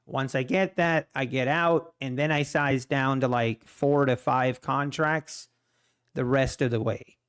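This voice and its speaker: A man chatting casually on a live stream about his trading, relaxed and rambling, often poking fun at himself. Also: medium pitch, measured pace, smooth. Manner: relaxed, rambling, self-deprecating, chuckles often. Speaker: livestream day trader.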